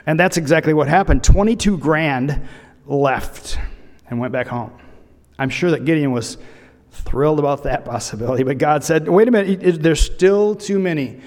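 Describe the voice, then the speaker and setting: A man's voice: on the high side, moderate pace, a little mellow, big-room sound. A man preaching a sermon, retelling a scripture story with humorous asides. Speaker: pastor.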